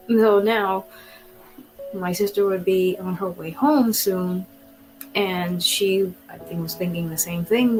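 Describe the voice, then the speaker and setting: A woman recounts a personal story in a loose, meandering way, often apologizing for wandering off track. Her voice moves between quiet tearfulness and small laughs. Faint music plays softly underneath. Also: mid-range voice, fairly even intonation, measured pace, low-quality recording. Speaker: pet owner sharing a personal story.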